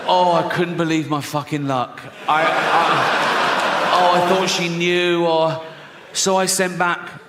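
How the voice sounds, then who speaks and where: A man's voice: on the high side, measured pace, background noise. A man doing a profane, mocking stand-up routine and laughing at his own jokes. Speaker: stand-up comedian. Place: large theatre stage. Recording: live hall with loud crowd laughter.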